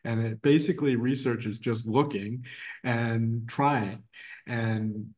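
Rambling middle-aged man, mid-pitch. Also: steady tone, takes it slowly, a little mellow. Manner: rambling, many restarts and fillers. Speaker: guest, designer and art professor. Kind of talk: casual interview conversation. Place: his art gallery.

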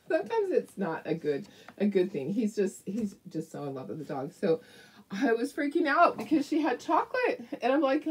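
An older woman telling a rambling story in a chatty, animated way while she paints a craft, laughing often. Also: on the high side, husky. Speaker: craft vlogger.

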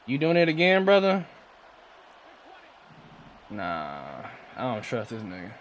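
A man's voice: medium pitch, huge pitch swings, slow pace, noisy background. A man streaming a football video game, talking loosely to his chat and friends while he plays. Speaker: gaming streamer. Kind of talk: live stream gameplay commentary.

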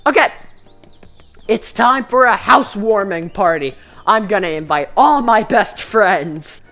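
A woman's voice: medium pitch, expressive, measured pace, a bit bright, soft background music. A woman giving comedic, profane commentary while playing a VR game and chatting with its characters. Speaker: gamer.

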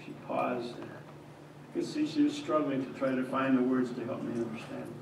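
A pastor playing an earnest young carpenter. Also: male voice, mid-range voice, fairly even intonation, moderate pace, vocal fry, close to an everyday voice. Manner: stammering, heartfelt storytelling, swinging from hushed to agitated. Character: earnest young male carpenter, devout and shaken. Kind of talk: first-person dramatic monologue in a church. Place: church sanctuary. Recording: echoey church from a distance, faint hiss.

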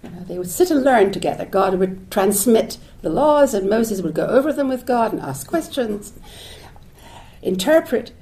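A woman's voice: mid-range voice, expressive, moderate pace, dark tone. A woman giving a reflective public lecture, thinking aloud with restarts and asides, dropping Hebrew phrases into her talk. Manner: thoughtful, searching, with restarts and asides. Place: lecture hall.

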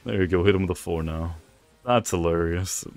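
A young man with a fairly low voice talks through a fight as he plays, teasing his opponent and grumbling in jest. Faint music runs underneath. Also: normal speed, darkish tone, no room sound. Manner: playful, teasing the opponent with mock complaints. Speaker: gaming video creator. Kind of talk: live gameplay commentary.

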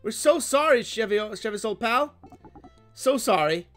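Two panicky young bros plead and whine in high, strained voices, as a man reads them out. The game's music sits faintly underneath. It is a lively video-game character read. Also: a little slow, heavily acted. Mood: apologetic. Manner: whiny, pleading, saying bro.

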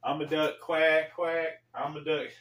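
Man doing a sing-song quacking duck, high and loud, roomy sound. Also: fairly even intonation, measured pace, far from the mic. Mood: mocking.

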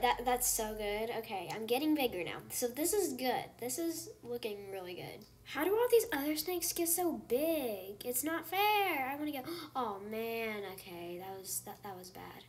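A woman giving casual gameplay commentary in an excitable way, gasping and exclaiming often. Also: fairly high pitch, moderate pace. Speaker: gaming channel host.

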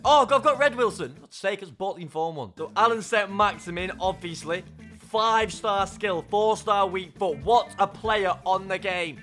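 A young English man commentates his football game in a lively, joking way and keeps talking straight to his viewers. His voice sits high and sounds bright and forward. Faint music plays underneath him. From England. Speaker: gaming YouTuber. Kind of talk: casual gameplay commentary.

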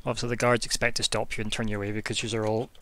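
A man's voice: fairly low pitch, little pitch movement, very fast, fairly bright tone, no echo. Casual rambling man running a game. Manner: casual, rambling, lots of fillers. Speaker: game master. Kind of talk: narrating a tabletop game. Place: home, online voice call.

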